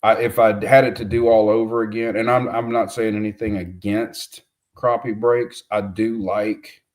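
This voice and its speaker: A man's voice: fairly low pitch, fairly even intonation, normal speed. A man co-hosting a casual fishing livestream, easygoing with fillers. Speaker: co-host.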